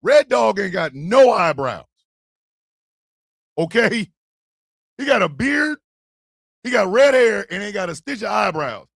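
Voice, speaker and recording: A man hosting a live stream show, telling animated, profane jokes in a casual rant. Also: high-pitched, a little slow, vocal fry, pauses often, no room sound, studio quality. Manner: animated, joking, profane storytelling. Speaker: host.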